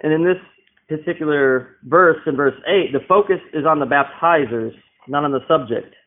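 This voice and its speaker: A man's voice: on the high side, normal speed. A man preaching a Bible-teaching sermon, explaining verses and asking rhetorical questions. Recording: tinny phone-like sound.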